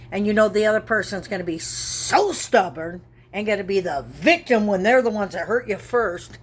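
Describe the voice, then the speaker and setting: A woman's voice: mid-range voice, a bit bright, a little hiss or hum. A middle-aged woman vlogging at home, speaking earnestly to camera and circling back to the same points. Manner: earnest, repetitive, rambling. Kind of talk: casual talk to camera.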